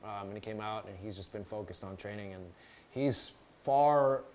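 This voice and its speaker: A man's voice: lowish voice, normal speed, a little mellow. A young man co-hosting a podcast, chatting casually in bursts with many fillers. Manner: laid-back, talks in bursts with many fillers. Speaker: podcast co-host. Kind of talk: casual chat.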